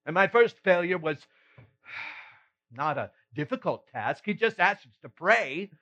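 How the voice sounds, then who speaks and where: A man plays the apostle Peter, an adult, earnest, self-reproaching figure, in a heavily acted first-person monologue about his failings. His high voice is bright and forceful with lively intonation at a measured pace, full of remorseful sighs and rueful laughs. The recording is slightly muffled.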